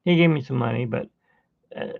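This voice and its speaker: A man's voice: mid-range voice, brisk, vocal fry, dry recording, narrow, tinny audio. A tired man who got little sleep, hosting a live drawing stream and chatting casually in a rambling way as he works. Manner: rambling storyteller, hums while working.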